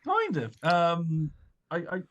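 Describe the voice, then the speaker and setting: A man's voice: a little high, wildly swooping pitch, slow, a bit bright, muffled recording. A man hosting a casual chat, talking through his research with many fillers and restarts. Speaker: podcast host presenting research.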